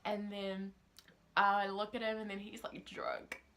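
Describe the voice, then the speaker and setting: This teenage girl from New Zealand has a medium-pitched, fairly bright voice, but her delivery is flat and a little slow. Telling a casual storytime vlog in a Kiwi accent, she's chatty, leans on "like" constantly, and acts out quotes, with a little hiss or hum audible.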